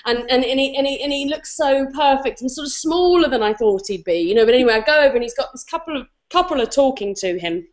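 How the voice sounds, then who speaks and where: Talk show guest, woman in her forties, high-ish voice, rambling and self-deprecating. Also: lively intonation, fast talker, few pauses. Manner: rambling, self-deprecating, many restarts and fillers. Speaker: guest telling a story. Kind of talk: animated anecdote on a talk show.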